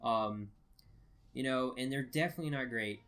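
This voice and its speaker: A man's voice: mid-range voice, normal speed, a bit bright. A man giving a casual spoken review, rambling with many fillers and restarts. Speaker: video reviewer.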